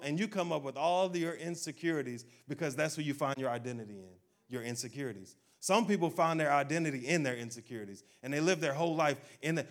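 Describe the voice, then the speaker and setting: A man preaching a sermon, speaking directly to his congregation and acting out people's doubts in a low, quiet voice. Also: quick pace. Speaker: pastor.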